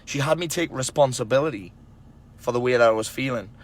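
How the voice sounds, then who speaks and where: In a casual motivational monologue to camera, a men's self-help speaker swears frequently while bluntly and emphatically dishing out tough-love advice. His medium-pitched voice moves briskly, with a little hiss or hum in the recording.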